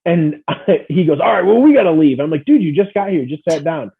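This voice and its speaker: A man's voice: fairly high pitch, lively intonation, brisk, vocal fry, slightly rough. A man co-hosting a podcast, jumping in with jokes and his own stories in a casual chat. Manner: joking, chiming in with quips. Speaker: podcast co-host. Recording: tinny phone-like call audio.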